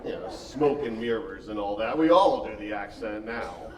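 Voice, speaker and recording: An actor playing a dry, oblivious airline pilot who is in love with a married passenger, in a live stage comedy. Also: male voice, on the low side, normal speed, natural voice. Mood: deadpan. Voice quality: deadpan, dry delivery. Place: theater stage. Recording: echoey theater stage from far off, faint noise.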